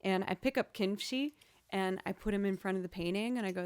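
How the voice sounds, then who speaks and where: A woman's voice: mid-range voice, brisk, smooth, no echo. Chatty woman streamer, dry close sound. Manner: chatty, expressive storyteller who acts out quoted reactions. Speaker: livestream host answering viewer questions. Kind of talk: casual chat.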